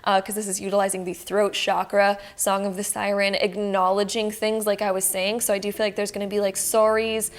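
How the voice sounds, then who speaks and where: A woman's voice: medium pitch, flat delivery, brisk, few pauses. Young Canadian woman, tarot reader, casual reassuring ramble with many fillers. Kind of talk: casual tarot reading to camera.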